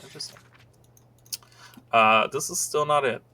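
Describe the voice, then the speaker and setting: A man's voice: mid-range voice, moderate pace, sharp tone. A man streaming a game, reading in-game books aloud with casual commentary. He is amused, laughs and swears, and stumbles over words as he reads.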